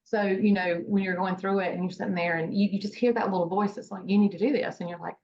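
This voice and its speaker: A woman's voice: mid-range voice, steady tone, quick pace. A woman guest on an interview show, talking casually about her nonprofit, rambling with many fillers and restarts. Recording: dull lo-fi sound with faint noise.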